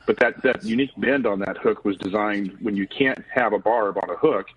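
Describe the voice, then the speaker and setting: A man's voice: fairly low pitch, a little fast, slightly rough. A man calling in as a guest on a fishing radio show, talking casually with lots of restarts and fillers. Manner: hesitant, many restarts and fillers. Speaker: fishing hook company guest on the phone. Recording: distant tinny phone line.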